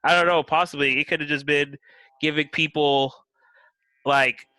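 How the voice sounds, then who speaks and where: Host man, bright voice, slangy hesitant chat, dry close mic. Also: a little high, fairly even intonation, moderate pace, smooth, dry recording, rough recording. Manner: hesitant, filler-heavy, slangy. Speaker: podcast host. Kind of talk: casual podcast chat.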